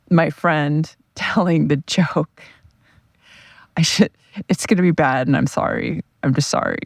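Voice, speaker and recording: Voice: mid-range voice, no room sound. A solo podcast host chatting in a rambling, self-deprecating way, with a mid-range voice. The recording is dry and close, with no room sound. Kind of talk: casual solo podcast monologue.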